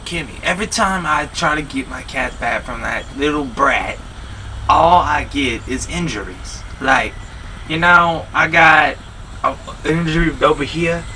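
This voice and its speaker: A man's voice: a little high, a little slow, bright, forceful tone, a little hiss or hum, low-quality recording. An amateur actor playing a fed-up male neighbor who tells his story in a rambling, exasperated way.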